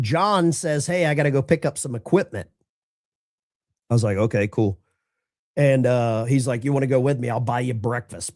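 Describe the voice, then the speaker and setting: A man's voice: mid-range voice, mellow. A man from Alabama, hosting a call-in show and telling a rambling, folksy story. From Alabama, USA. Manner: rambling, folksy, with self-interruptions. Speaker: talk show host.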